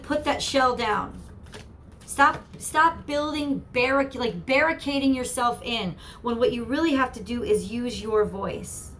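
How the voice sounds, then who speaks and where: A woman's voice: a little high, a bit bright, slight background noise. A woman giving an earnest, encouraging channeled tarot reading, often repeating herself. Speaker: tarot reader.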